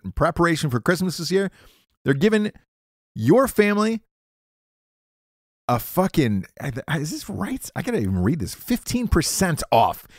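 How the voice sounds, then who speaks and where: A man's voice: a little high, dry recording, studio quality. A man hosting a podcast, reading sponsor ads as crude, rambling comic riffs full of swearing. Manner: profane, rambling, jokey riffs. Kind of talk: crude comedic ad read.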